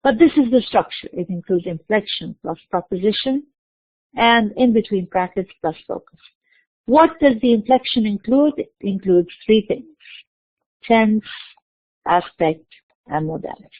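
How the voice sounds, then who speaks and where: A woman's voice: medium pitch, animated, no echo. Woman lecturing in English. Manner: explains slowly, spelling out letters, slipping into Arabic terms. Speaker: university lecturer. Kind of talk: recorded lecture. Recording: dry tinny phone-like recording.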